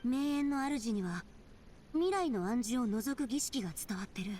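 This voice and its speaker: An earnest young woman in a video game, voiced by an actress, serious and uneasy about what lies ahead. She speaks fast in a slightly high, mellow voice. Faint game music plays underneath. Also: expressive, natural voice. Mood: worried. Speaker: game character. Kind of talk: Japanese video game voice acting.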